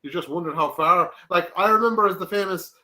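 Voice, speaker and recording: A man's voice: high-pitched, fast talker, sharp tone. A man guest in a casual chat, rambling with many restarts. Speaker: podcast guest.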